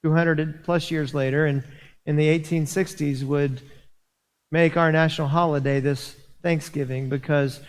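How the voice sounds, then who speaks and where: A man's voice: on the high side, steady tone, normal speed. A man, preaching a sermon as a pastor, telling a story with many restarts and repeated words. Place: church sanctuary. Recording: long hall reverb.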